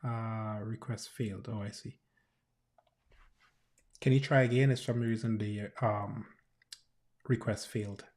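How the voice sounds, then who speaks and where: A man live-streaming his coding session, thinking aloud in casual commentary, often restarting sentences and breaking in with quick exclamations. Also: on the low side, fairly even intonation, darkish tone. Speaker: developer livestreaming.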